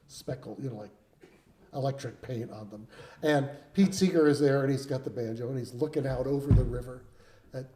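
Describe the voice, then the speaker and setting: A man's voice: mid-range voice, dark tone. A man, a folk musician, telling a rambling, self-deprecating story on stage at a live concert, chuckling as he goes. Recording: roomy live venue sound with faint instruments.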